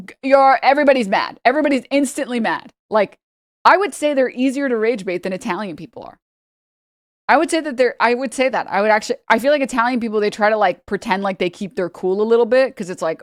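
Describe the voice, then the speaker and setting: A woman's voice: a little high, lively intonation, a little fast, no echo, studio quality. Emphatic New York-raised woman streamer. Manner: emphatic, repetitive, swings loud for effect. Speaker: streamer reacting to clips. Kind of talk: casual stream commentary.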